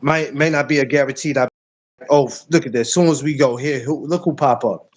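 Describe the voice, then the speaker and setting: A man hosting a podcast in casual banter, loud and joking, repeating himself for effect. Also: medium pitch, brisk. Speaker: podcast host.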